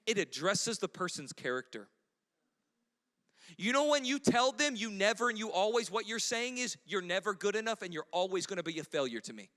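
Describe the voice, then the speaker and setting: High, bright-voiced preacher in a reverberant hall. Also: male voice. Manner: animated preaching, mimics quarrels in a shrill voice. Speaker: pastor. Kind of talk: sermon. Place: church hall.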